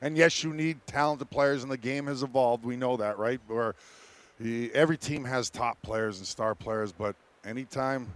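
On a sports talk panel, a male former hockey player tells locker-room stories with lively animation and frequent laughter. His mid-range voice moves at a moderate pace.

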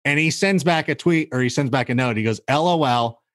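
A man telling stories in casual podcast chat, animated and acting out the voices of the people in them. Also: mid-range voice, fairly quick, dry recording, studio quality. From California. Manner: animated storyteller, acts out quoted voices. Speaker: guest.

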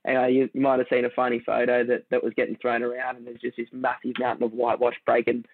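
A man's voice: medium pitch, monotone, fast, no room sound. An Australian man telling a surfing story as a podcast guest, laid-back and rambling, with many restarts. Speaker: guest surfer. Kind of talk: casual storytelling conversation. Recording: dry, tinny phone-like line.

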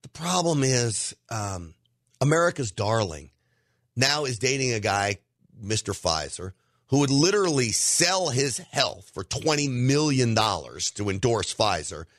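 A man's voice: medium pitch, sing-song, measured pace, fairly bright tone, no echo, clean studio sound. A middle-aged man hosting a podcast, delivering an emphatic opinion monologue straight to his listeners. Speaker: podcast host.

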